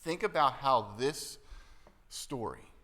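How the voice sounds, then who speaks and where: A man's voice: mid-range voice, lively intonation, slow, pushed and bright. Conversational man preaching a sermon. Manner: conversational, checks in with the room often ("right?", "okay?"); acts out quoted lines in a playful, teasing tone. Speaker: pastor.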